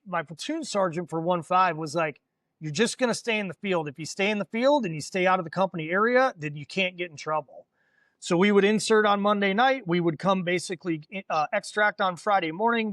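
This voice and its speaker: This American man in his forties, a former Marine, has a high voice with a fairly bright tone, captured with no room sound. He tells stories in a rambling, casual way, full of fillers and profanity.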